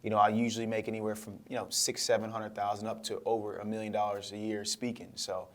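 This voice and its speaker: A man's voice: fairly low pitch, fast talker. A young man, a guest speaker, telling his story in an interview and acting out what people said to him. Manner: animated storyteller acting out quotes.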